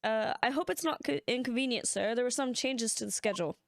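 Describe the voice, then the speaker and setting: A woman's voice: a little high, quick pace, vocal fry, few pauses, music in the background. A young woman streamer chatting casually and sleepily while playing a game and reading its lines aloud. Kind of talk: casual let's-play chat.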